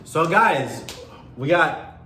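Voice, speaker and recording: A man co-hosting a podcast, loud and playful, teasing and swearing in casual chat. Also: a little high, animated, very slow, music in the background. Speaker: podcast co-host. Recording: echoey room with faint noise.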